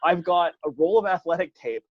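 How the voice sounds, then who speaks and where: A man's voice: high-pitched, brisk, no room sound. A man, a wrestling referee, telling a funny story in casual podcast chat, poking fun at himself. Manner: self-deprecating, animated anecdote telling. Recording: dull lo-fi dry podcast audio.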